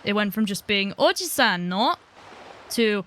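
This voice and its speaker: A woman giving casual, chatty let's-play commentary, self-deprecating and quick to giggle. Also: medium pitch, big pitch swings, a bit bright, slight background noise. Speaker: gaming video creator.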